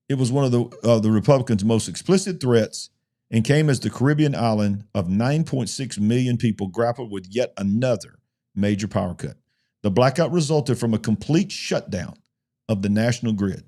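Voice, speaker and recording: A man's voice: medium pitch, moderate pace, mellow. Man hosting a news commentary show. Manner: reads headlines aloud with emphatic asides. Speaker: host.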